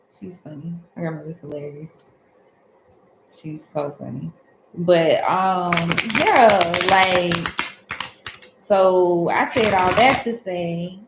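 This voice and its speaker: A woman's voice: lowish voice, slow, creaky, pauses often, echoey room, slight background noise, low-quality recording. A woman from Alabama with a Southern accent, giving a rambling, conversational spiritual talk as a tarot host.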